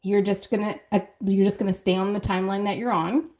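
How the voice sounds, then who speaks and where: Calm, reassuring woman podcast host. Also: medium pitch, fast talker. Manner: calm, reassuring, explains at length. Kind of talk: casual spiritual chat.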